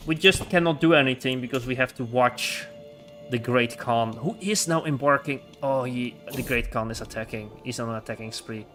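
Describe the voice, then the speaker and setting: A man giving live commentary as he plays a strategy game as a streamer, reacting aloud in an excitable way and laughing often. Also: mid-range voice, moderate pace, over music.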